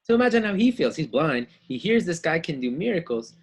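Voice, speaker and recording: A man's voice: a little high, sing-song, a little fast, husky. A man teaching a Bible lesson to children, asking them questions and acting out the story's voices. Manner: acts out story voices, asks kids questions.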